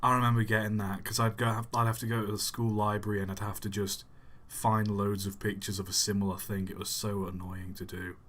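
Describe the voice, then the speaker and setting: A man's voice: fairly low pitch, little pitch movement, a little fast, hardly any pauses, fairly bright tone, slight background noise. A man hosting a live stream in a casual, chatty way, reading out viewers' messages and answering them offhandedly.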